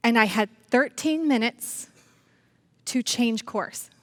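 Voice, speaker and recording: A woman's voice: a little high, slow pace, fairly bright tone, dry recording, studio quality. A middle-aged woman preaching a sermon in church, telling a personal story animatedly and calling the congregation y'all.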